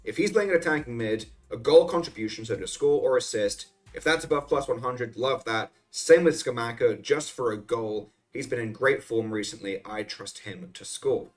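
A man's voice: mid-range voice, normal speed, hardly any pauses, faint music behind. A man hosting a casual solo rundown of soccer betting picks, chatty and loose, with frequent fillers and self-corrections. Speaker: sports betting analyst host.

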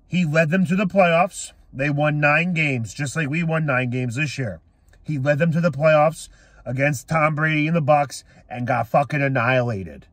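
An angry young man ranting as a sports fan, swearing hard and often breaking into shouts. His voice sits high for a man. The sound is dry and close, with no room around it. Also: no room sound. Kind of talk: profane rant to camera.

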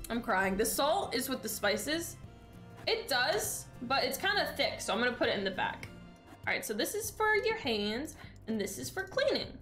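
A woman's voice: a little high, animated, normal speed, a bit bright, faint music behind. A woman streaming a game in casual chat, exasperated and sarcastic, swearing freely. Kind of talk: casual live-stream chat while gaming.

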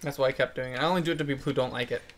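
A man's voice: medium pitch, steady tone, rapid-fire, a little hiss or hum. A man co-hosting a casual let's-play, teasing his friend and giving game tips. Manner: teasing, dry needling. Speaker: co-host.

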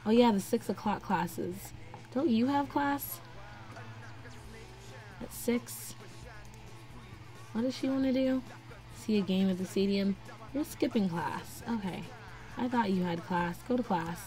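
A young woman talks slowly through her gameplay, bossing her characters around in a relaxed, mellow voice. Faint game music plays under her casual commentary. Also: mid-range voice. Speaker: gameplay narrator. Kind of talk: casual let's-play commentary.

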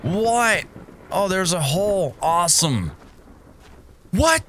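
A man's voice: high-pitched, lively intonation, takes it slowly, a bit bright, a little hiss or hum. A young man commentating a horror game playthrough, talking to himself and yelping and gasping at scares. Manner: jumpy, yelps and gasps at scares, talks to himself. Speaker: gaming streamer.

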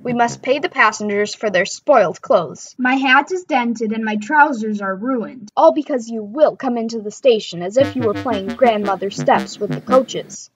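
A woman voicing a stern, portly male railway boss who speaks crossly and deliberately. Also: on the high side, slightly rough, soft background music, poor audio. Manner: cross, commanding, slow and deliberate.

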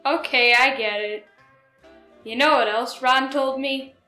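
Brief: someone doing a clueless, chipper male sidekick, high and bright, rambling, echoey room. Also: steady tone, unhurried, faint music behind. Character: dim, cheerful male comedy character. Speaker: co-host. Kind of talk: comedy sketch banter.

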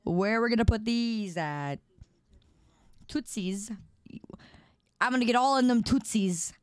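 A woman's voice: fairly high pitch, unhurried, clean tone, no echo. A woman streamer chatting playfully with her viewers, repeating words in a sing-song drawl. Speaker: livestreamer. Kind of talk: casual live-stream chat.

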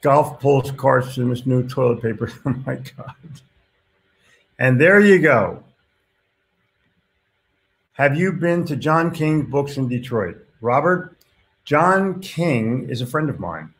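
A man's voice: medium pitch, animated, takes it slowly, pauses often, fairly bright tone, slight background noise. A man hosting a casual live stream, reading viewer comments aloud and reacting to them in a blunt, chatty way with casual swearing.

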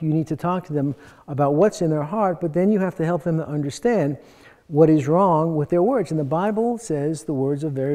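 A man's voice: a little high, mellow. A man giving a conference workshop talk, teaching earnestly and with emphasis, recorded in a conference hall. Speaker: workshop speaker. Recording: long hall reverb.

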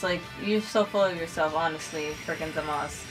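A young woman hosting a casual reaction video, talking excitedly, swearing freely and saying "like" a lot. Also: low voice, fairly quick, soft background music, poor audio. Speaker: reaction channel host. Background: anime episode audio playing.

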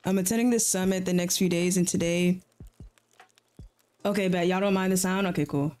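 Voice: medium pitch, steady tone, fairly quick, a little mellow. Laid-back chatty gaming streamer. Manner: laid-back, chatty, repeats slang phrases. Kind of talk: casual live-stream chat while gaming.

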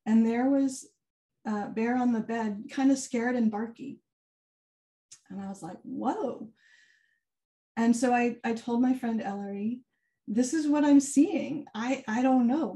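Animated woman telling a personal story. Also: on the high side. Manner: animated, acts out quoted dialogue. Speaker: keynote speaker. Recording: far from the mic, some echo.

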